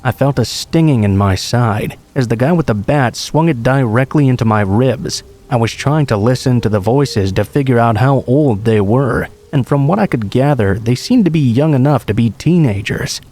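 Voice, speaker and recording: A man reading a true horror story aloud as a scripted narration, in a calm, steady storytelling manner. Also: medium pitch, normal speed, hardly any pauses.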